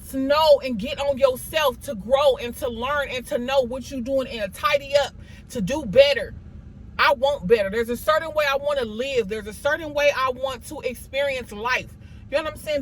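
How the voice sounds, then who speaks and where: A woman's voice: sits high, a bit bright, a little hiss or hum, low-quality recording. A woman giving an emphatic, repetitive motivational monologue, scolding herself and her viewers in a preachy tone. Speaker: motivational vlogger. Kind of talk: motivational self-talk monologue.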